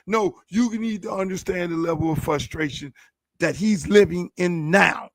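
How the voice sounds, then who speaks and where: A man's voice: high-pitched, moderate pace, vocal fry, no room sound, studio quality. A man who is a show host and football coach, venting in a heated, profane, repetitive rant. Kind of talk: casual ranting monologue.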